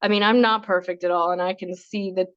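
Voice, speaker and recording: A woman's voice: fairly low pitch, fairly even intonation, brisk, fairly bright tone, clean tone, no echo. A middle-aged woman who works as a life coach, talking earnestly as an interview guest, rambling with many restarts and fillers. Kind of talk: casual interview chat. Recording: dull, dry sound.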